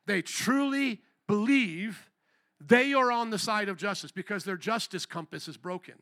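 Male pastor preaching, high voice, lively, keeps acting out voices and calling out to the church. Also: normal speed. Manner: animated, acts out quotes, calls to the congregation. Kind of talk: sermon.

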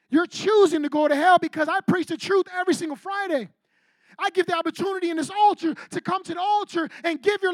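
A man's voice: very high-pitched, no room sound, studio quality. A young man preaching a youth sermon in a direct, slangy way, asking the room questions and acting out what people say. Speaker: youth pastor. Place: church youth service before a live group.

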